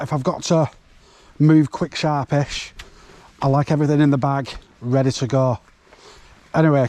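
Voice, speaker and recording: A man's voice: a little high, warm tone. A man chatting casually for his vlog outdoors, rambling along with frequent fillers. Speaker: urban explorer vlogger. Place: outdoors on derelict grounds.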